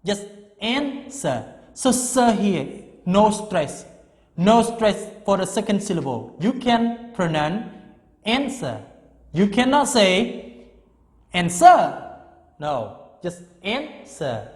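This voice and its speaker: A man in his fifties teaching an English grammar lesson, speaking slowly and emphatically and repeating key words. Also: sits high, lively intonation, big-room sound.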